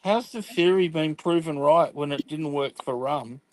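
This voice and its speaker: A man's voice: fairly high pitch, moderate pace, darkish tone, a little hiss or hum, rough recording. A man chatting casually on a stream while building a model, rambling through explanations and laughing often. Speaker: guest on stream.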